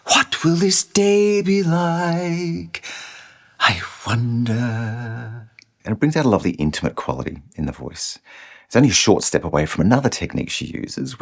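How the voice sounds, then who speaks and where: A man teaching singing technique in an instructional video, explaining each idea clearly. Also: extremely low pitch. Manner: explains clearly, breaks off to sing short demonstrations.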